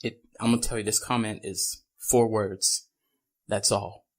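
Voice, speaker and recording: A man co-hosting a casual podcast, talking in an animated way, laughing often and slipping into goofy impressions. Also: on the low side, unhurried. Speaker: podcast co-host.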